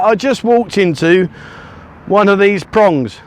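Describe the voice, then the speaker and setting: Filming himself at arm's length with a handheld camera, a middle-aged Englishman from the UK rambles through a casual walking vlog on a sunny beachfront by a busy road. His voice sits high and his pace is measured, with self-mocking asides sprinkled in. Faint outdoor traffic can be heard.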